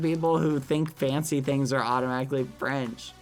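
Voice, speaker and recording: A young man streaming a game and talking to his chat, excitable, shooting up high when surprised and swapping swears for silly words. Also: moderate pace, hardly any pauses, soft background music.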